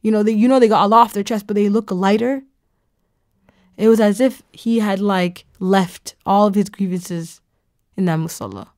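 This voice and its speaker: A young woman recounts a memory on her podcast in an easygoing, reflective way, often pausing on "you know" and "like". Her voice sits at a middle pitch and sounds close and dry, with no room around it. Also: fairly even intonation, darkish tone, no echo. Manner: casual, reflective, many fillers like "you know" and "like". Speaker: podcast host. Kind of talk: personal storytelling.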